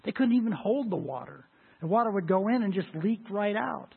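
A man preaching a sermon as pastor, with a husky voice and an emphatic delivery that swells loud and high on scripture. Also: expressive, brisk. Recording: tinny lo-fi phone-like sound.

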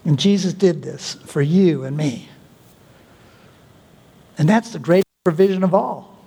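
A male pastor preaching a sermon, with deliberate pauses and an emphatic delivery. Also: on the high side, mellow, slightly rough. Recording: long hall reverb.

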